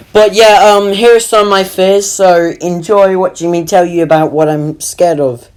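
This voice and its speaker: A man's voice: high voice, takes it slowly, hardly any pauses, a little mellow, clean tone. A young man narrating a comic animation in a rambling, self-deprecating way. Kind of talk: comedic voice-over narration.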